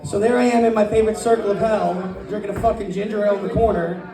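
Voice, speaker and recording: A man in his thirties performing a profane, animated stand-up set at an open mic, acting out voices as he tells stories. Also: high voice, fast, a crowd in the background. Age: 30s. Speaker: stand-up comedian. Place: comedy club open mic. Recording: echoey room, distant mic, loud audience. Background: audience laughter.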